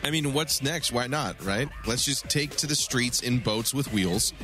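A man co-hosting a podcast in casual banter, with dry, quick comebacks and casual swearing. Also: medium pitch, over music. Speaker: podcast co-host.

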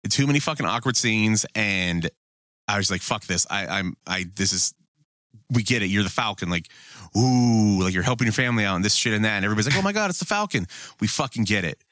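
A man's voice: lowish voice, dry recording, clean studio sound. A man co-hosting a podcast in casual chat, swearing freely and acting out quotes with energy. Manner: profane, animated, quick to act out quotes. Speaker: podcast co-host.

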